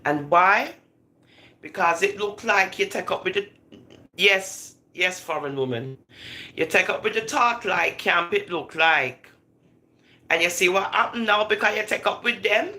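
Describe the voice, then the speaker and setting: A woman giving lively, laughing commentary to viewers, slipping into patois as she goes. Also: mid-range voice, unhurried. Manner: animated, laughing, patois-flavored gossip talk. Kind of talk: casual live commentary.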